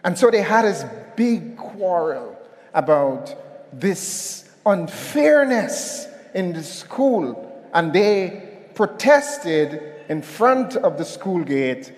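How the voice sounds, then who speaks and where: Man, conference speaker, lively storyteller, high expressive voice, slow pace, echoey hall. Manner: animated storytelling with audience call-and-response. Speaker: keynote speaker. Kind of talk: motivational conference talk.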